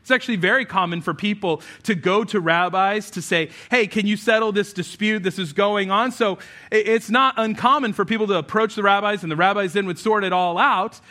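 Bright, high-voiced man preaching. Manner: conversational, animated preaching with acted quotes. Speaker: pastor. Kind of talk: sermon.

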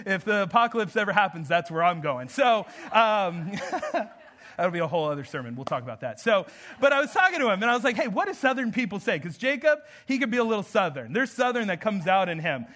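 A man's voice: high voice, big pitch swings, brisk, fairly bright tone. A man from the American Southwest preaching a sermon as pastor, conversational and joking, often breaking into laughter.

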